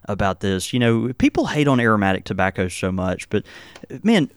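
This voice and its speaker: Unhurried man explaining with many fillers. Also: lowish voice, sing-song, smooth, no echo, clean studio sound. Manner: halting, many fillers and restarts. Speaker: podcast host. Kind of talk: casual explanatory chat.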